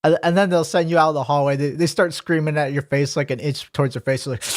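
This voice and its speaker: A man giving a mock-instructional comedy monologue, sarcastic and deadpan at times, stammering repeated words, then bursting into animation. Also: fairly high pitch, fast, hardly any pauses. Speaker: comedy vlogger.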